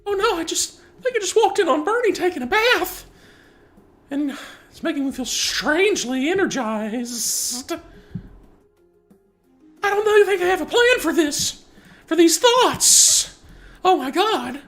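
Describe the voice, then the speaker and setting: A man putting on a high, flustered voice as an older woman politician talking herself through a crush, a comedic impression. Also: sing-song, unhurried, long pauses, a bit bright, faint music behind, heavily acted. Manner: breathless, flustered self-talk.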